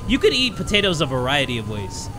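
A young man talks through a horror game with loud jokes, his pitch climbing and sinking a lot. Game music plays under his voice the whole time. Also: quick pace. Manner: jokey and excitable, drops to nervous mutters when scared. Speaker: gaming YouTuber. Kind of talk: casual horror game commentary.

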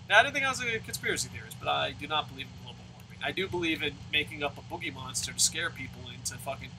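Brief: male let's-play host, higher voice, very bright, profane ranting. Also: animated, rapid-fire, creaky, few pauses, slight background noise, rough recording. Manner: ranting, swears constantly, loud outbursts. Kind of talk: profane gaming commentary rant.

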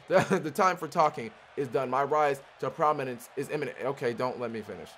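A young man commentating his own wrestling video game play by play, excitable and trash-talking the characters on screen. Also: medium pitch, a little fast, a little hiss or hum. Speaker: gaming channel host.

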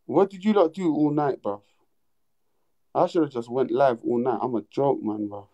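A man's voice: medium pitch, moderate pace, dark tone, dull audio. A young man hosting a casual livestream, teasing callers bluntly in street slang. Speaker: livestream host.

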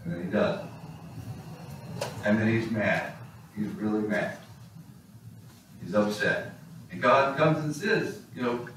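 A male pastor preaching a sermon in a church, animated and storytelling. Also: on the low side, slow, pauses often, a little hiss or hum. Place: church sanctuary. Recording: echoey hall, distant mic.

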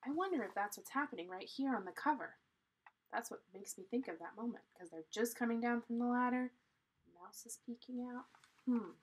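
A woman reading a children's chapter book aloud in a deliberate, teacherly way, pausing to explain. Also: fairly high pitch, slight background noise, poor audio. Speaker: storybook reader.

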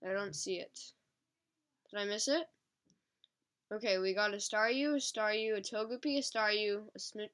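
A woman with a stuffy, sniffly nose giving casual, excitable gameplay commentary to her viewers. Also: mid-range voice, normal speed, long pauses, smooth. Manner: chatty, excitable, talking to viewers. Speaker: mobile game channel host.

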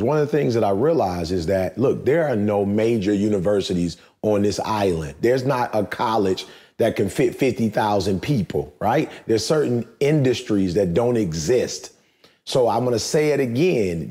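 A podcast host with a low, dark-toned voice keeps the chat casual but speaks in an emphatic, preachy way, repeating phrases for stress.

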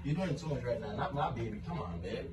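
A man's voice: mid-range voice, big pitch swings, quick pace. A young man vlogger pulling a prank on his girlfriend, pleading and teasing in casual slang. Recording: echoey room, mic at a distance, noise behind.

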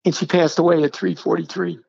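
A middle-aged man, a podcast guest, telling a personal story in an earnest, halting way and acting out the dialogue. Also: a little high, little pitch movement, creaky, a little mellow, husky, no echo. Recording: dull, dry lo-fi sound.

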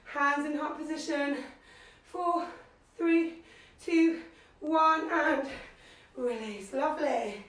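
A woman's voice: slow pace, fairly bright tone. A woman leading a live workout class, out of breath as she cues moves and counts reps in an encouraging way. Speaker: fitness instructor. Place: living room at home. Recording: very echoey room, distant, low-quality web stream.

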